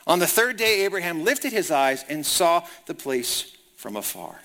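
A man's voice: on the high side, sing-song, moderate pace, sharp tone. A man preaching a sermon, reading scripture and retelling it in casual, conversational paraphrase. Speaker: pastor.

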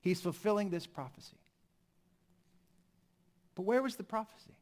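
Male pastor, high voice, expressive preaching with hushed drops. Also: normal speed. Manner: expressive, swings from emphatic to hushed. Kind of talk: sermon.

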